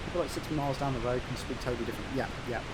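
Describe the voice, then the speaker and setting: Racing along in a mid-range voice over very noisy surroundings, a Midlands-accented man from England games on stream and reads out chat messages. He's casual, swears plenty and addresses viewers by name.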